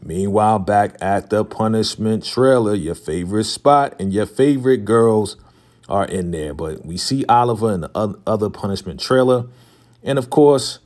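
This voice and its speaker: A young man with a lowish, animated, slightly mellow voice casually recaps a TV drama episode at a moderate pace, retelling scenes by loosely paraphrasing the characters and chuckling now and then.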